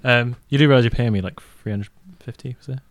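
A man from Wales, a guest on a casual podcast chat, good-humoured and quick to laugh. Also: medium pitch, no room sound. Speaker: podcast guest, film website reporter.

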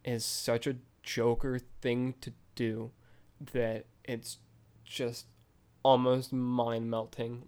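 A man's voice: medium pitch, darkish tone, clear, resonant tone. A man hosting a film review podcast, retelling a scene in a casual, rambling way full of fillers.

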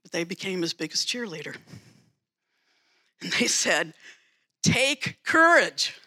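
A preacher delivers a sermon, telling the story with theatrical drama and returning again and again to emphatic phrases. The voice is bright and forward, and the pitch sits in a middle range. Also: normal speed.

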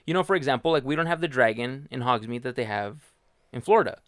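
A man's voice: medium pitch, lively intonation, quick pace, dry recording, studio quality. Opinionated man in casual chat. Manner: opinionated, hedging then blunt.

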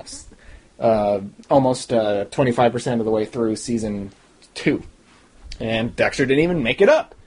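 A young man gives a casual, opinionated rant about a TV episode. His voice is husky and a bit breathy. He sits at a middling pitch, sounds sarcastic, and keeps breaking into mocking asides. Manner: snarky, ranting, mocking impressions. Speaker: TV recap podcaster.

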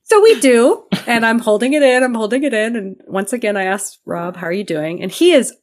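A young adult woman co-hosting a podcast in casual chat, animated and quick to act out quotes, talking over a video call. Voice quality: animated, acts out quotes with big pitch jumps. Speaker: podcast co-host. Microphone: remote video call.

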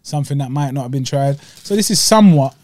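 Young dude on a podcast, slangy and animated, dry close sound. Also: male voice, medium pitch, fast, no echo. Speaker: podcast co-host. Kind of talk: casual storytelling chat.

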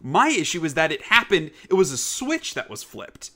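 A man's voice: fairly high pitch, normal speed. A young man co-hosting a podcast, ranting in casual chat with lots of "like" fillers and swearing. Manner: animated, frequent "like" fillers, swearing. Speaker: podcast co-host.

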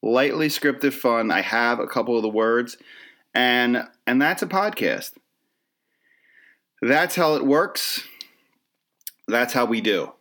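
A man's voice: medium pitch, expressive, slow, pauses often, fairly bright tone. A middle-aged man hosting his own podcast, delivering a rambling comedic monologue full of self-deprecating, wry asides. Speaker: podcast host.

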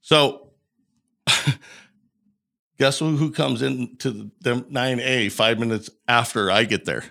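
A middle-aged man from Colorado, a podcast guest, telling a long personal story in an animated way and acting out the dialogue. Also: medium pitch, takes it slowly, vocal fry, pauses often. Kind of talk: storytelling in an interview.

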